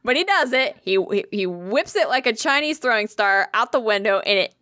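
A woman co-hosting a casual chat, telling a funny story in an animated, profane way with bursts of laughter. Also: fairly high pitch, brisk, dry recording, studio quality.

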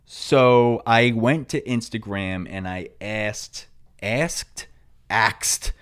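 A young man in his twenties with a New York accent, hosting a podcast in rambling, filler-heavy casual chat that breaks into loud excited outbursts. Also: fairly low pitch, drawn-out words, clear, resonant tone. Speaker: podcast host.

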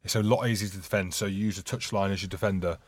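A man with a low voice in relaxed podcast chat, laying out tactics in a measured, explanatory way. The recording is dry and close-miked. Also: no echo. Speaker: podcast co-host, retired rugby player. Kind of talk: casual chat.

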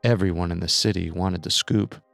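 A man narrating a true-crime story in a measured, scripted way. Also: low voice, steady tone, gravelly, a bit bright, no room sound, soft background music.

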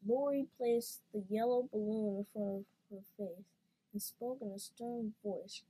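A woman reading a children's storybook aloud in an expressive, playful way. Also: fairly high pitch, takes it slowly, breathy edge, rough recording.

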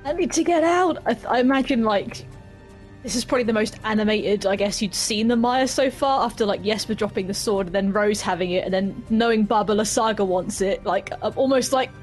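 A woman at a tabletop game chats eagerly about her turn, hedging with "like" and "I think." Her voice is mid-pitched, with soft music in the background. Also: a little fast. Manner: eager, chatty, hedging with fillers. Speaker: player. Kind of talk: casual chat at a tabletop game.

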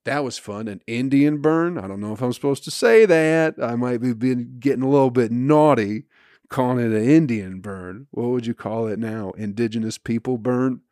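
A man's voice: mid-range voice, normal speed, dry recording, clean studio sound. Profane man ranting on a podcast. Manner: swearing, animated storytelling with laughs. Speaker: podcast host. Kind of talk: profane comedic rant.

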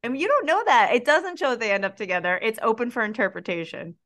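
A woman's voice: a little high, expressive, fast talker, fairly bright tone. A young woman co-hosting a podcast in casual chat, opinionated and ranting, swearing and laughing as she argues. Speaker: podcast co-host.

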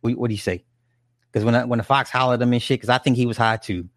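Dude rambling thru a story, swears a lot, normal pitch, dry room. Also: male voice, fairly even intonation, fast talker, a bit bright, no echo. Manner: rambling, profane, restarts and asides. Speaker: film recapper. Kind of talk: casual chat.

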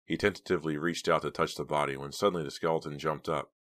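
Deep-voiced man narrating a horror audiobook. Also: no echo. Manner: steady, measured reading.

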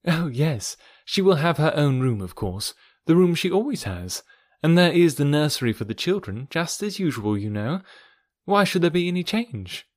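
A calm and sensible young daughter, read by a man, speaking patiently and reassuringly. The voice sits at a middling pitch, close and dry. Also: moderate pace, no room sound. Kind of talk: audiobook reading.

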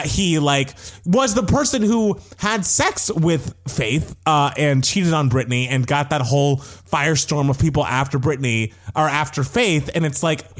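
A man in casual chat, gossiping animatedly and swearing, mimicking people as he retells. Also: fairly high pitch.

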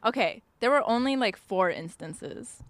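A woman's voice: fairly high pitch, animated, measured pace, dry recording. A young woman in a casual chat with her brothers, bubbly and enthusiastic. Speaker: co-host.

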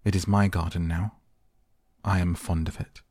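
A man's voice: sits low, little pitch movement, moderate pace, a little mellow, no echo, clean studio sound. A man voicing a proud, commanding sickly boy who gives orders. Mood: imperious. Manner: imperious, giving orders.

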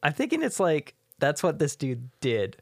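A podcast co-host in casual brainstorming chat, easygoing and quick to laugh, reading out a sketch outline. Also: mid-range voice, wildly swooping pitch, vocal fry, no echo, clean studio sound.

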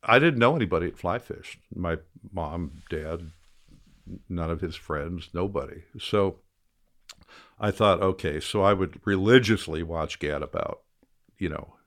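Older man, very low voice, animated rambling storyteller, self-deprecating humor. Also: measured pace. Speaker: guest; fly fisherman. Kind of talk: storytelling in casual interview.

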